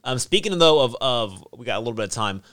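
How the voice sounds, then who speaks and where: A man's voice: medium pitch, expressive, fast, fairly bright tone. A man co-hosting a casual podcast chat, rambling with lots of ums and trailing thoughts. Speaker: podcast co-host.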